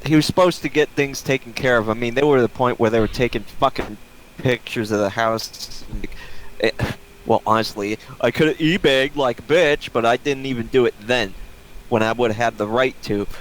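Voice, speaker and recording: A man's voice: medium pitch, a little hiss or hum, poor audio. A man from Ohio co-hosting a podcast, ranting bluntly and profanely in casual chat over a video call. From Ohio, United States. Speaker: podcast co-host.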